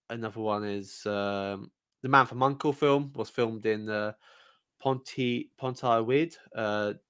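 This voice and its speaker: A man's voice: on the low side, fairly bright tone, clean tone. A man from England co-hosting a podcast in casual chat, hesitant with lots of ums and repeated words. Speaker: podcast co-host.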